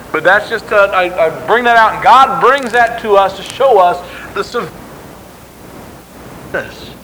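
High, bright-voiced preacher man. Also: slight background noise, rough recording. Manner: emphatic, conversational preaching that acts out quotes. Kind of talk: sermon.

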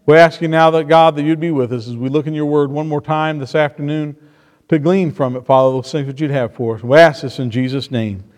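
A man preaching a sermon, shifting between quiet storytelling and emphatic points. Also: a little high, fairly even intonation, brisk. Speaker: pastor. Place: church sanctuary. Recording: long reverb of a church hall.

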